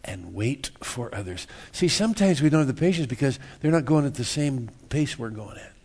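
A man's voice: medium pitch, lively intonation, fairly quick, darkish tone, breathy edge. A man preaching a sermon in a church, folksy and joking, repeating words and acting out little everyday scenes. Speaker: pastor.

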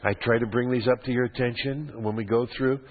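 An older pastor delivers an expository sermon, teaching from scripture in a medium-pitched, fairly even voice that runs a little fast. He drops joking, conversational asides to the congregation, and the recording is a lo-fi, phone-like radio broadcast.

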